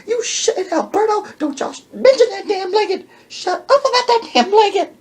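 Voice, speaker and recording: A woman voicing a loud, sassy woman who yells in shrill outrage about chicken. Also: big pitch swings, heavily acted. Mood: furious. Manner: shrill, outraged, drawn-out yelling.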